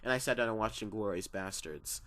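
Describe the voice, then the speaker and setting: A man's voice: lowish voice, brisk, fairly bright tone. A man co-hosting a movie podcast in casual chat, laughing often and slipping into quoted film lines. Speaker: podcast co-host.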